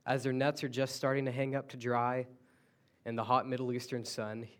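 A pastor preaching in a relaxed, conversational way, retelling a story with frequent restarts and side remarks. His voice sits at a middle pitch. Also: normal speed. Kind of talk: sermon.

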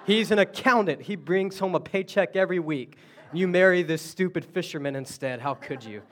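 A man's voice: sits high, normal speed, a bit bright, a little hiss or hum, voice pushed up. A man voicing a scolding, nagging older mother-in-law in a sermon's comic aside. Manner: scolding, exasperated.

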